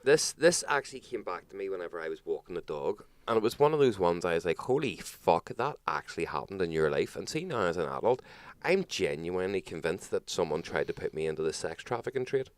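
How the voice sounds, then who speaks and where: A man with a Northern Irish accent hosting a talk show, telling a story in an animated, sweary, casual way. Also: low-pitched, fairly quick, few pauses, no echo. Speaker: podcast host.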